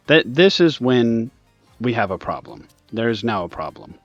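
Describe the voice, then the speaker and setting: A man's voice: mid-range voice, normal speed, no echo, highs cut off, soft background music. Exasperated man ranting over gameplay. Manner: exasperated, animated ranting with sudden bursts. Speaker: gaming video host.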